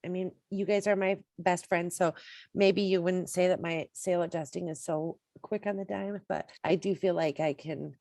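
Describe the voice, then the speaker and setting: Podcast co-host, woman, slightly low voice, dry booth, meandering delivery. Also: steady tone, normal speed, gravelly, mellow, no echo. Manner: reflective, rambling. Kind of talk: casual chat.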